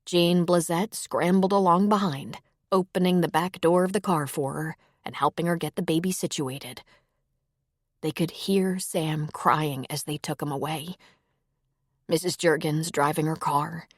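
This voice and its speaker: Audiobook narrator, woman, low voice, measured and even, dry close sound. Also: no room sound.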